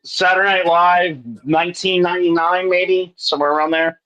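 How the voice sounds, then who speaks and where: A man's voice: high voice, flat delivery, moderate pace, a loud crowd, poor audio. A man hosting a casual group chat on a video call, joking crudely and laughing often. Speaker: livestream host.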